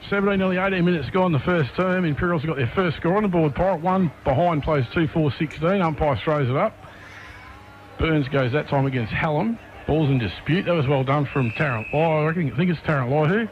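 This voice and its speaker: An Australian man calling a local football match play by play, quick and chatty, from a commentary box at the ground. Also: fairly high pitch, dull audio. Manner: quick, chatty, easy laughs.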